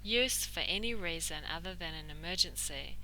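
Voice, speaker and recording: Lower-voiced New Zealand woman teaching English. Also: animated, moderate pace, sharp tone, roomy sound, slight background noise. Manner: clear, explanatory, modelling pronunciation. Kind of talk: casual explaining lesson.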